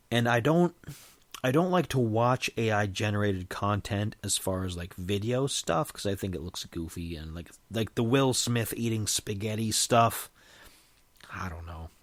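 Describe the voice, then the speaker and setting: On his own podcast, a man with a fairly low-pitched voice chats casually, rambling and often restarting his sentences. The recording is dry.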